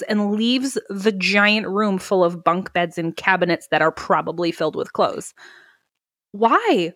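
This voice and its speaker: A woman's voice: mid-range voice, measured pace, fairly bright tone, dry recording. Chatty woman recapping a movie, dry sound. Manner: chatty, recaps plot with frequent "like" and laughs. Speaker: podcast co-host. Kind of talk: casual movie recap chat.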